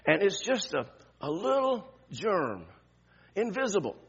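An older man preaches in a high, gravelly voice that swings up and down a lot. He talks to his congregation in a conversational way, asking rhetorical questions and often restarting his sentences. The recording sounds dull and lo-fi. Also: very animated, a little slow. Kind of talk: sermon.

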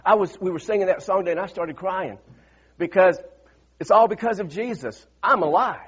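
A middle-aged pastor preaches a sermon, having the congregation repeat lines back to him and sharing a personal story with growing fervor that builds to shouts. His voice sits high, with a breathy edge, and he talks a little fast. The audio is dull.

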